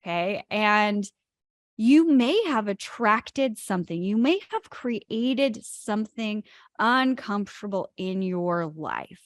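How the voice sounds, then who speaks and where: A woman's voice: mid-range voice, animated, slow pace, no room sound, studio quality. A woman co-hosting a spiritual talk show, stressing key words as she explains ideas. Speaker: podcast co-host.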